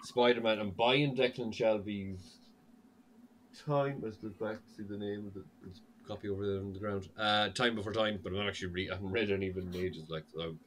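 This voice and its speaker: A man chatting on a podcast, rambling in loose sentences and swearing freely. His voice is low yet forceful and bright, with a faint hiss of noise behind it. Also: steady tone, fairly quick. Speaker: podcast co-host. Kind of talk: casual chat.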